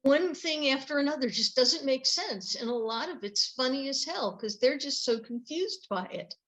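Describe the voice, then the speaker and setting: Woman w a high voice, lively storytelling on a fan panel. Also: normal speed, poor audio. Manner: lively storytelling, retelling a plot step by step. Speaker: panel guest. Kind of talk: casual panel discussion.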